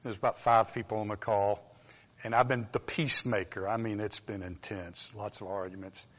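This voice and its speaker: A man with a North Georgia accent preaching a relaxed, conversational sermon with folksy asides. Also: lowish voice, normal speed. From Southern US. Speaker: pastor. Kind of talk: informal sermon. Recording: dull lo-fi sound with long hall reverb.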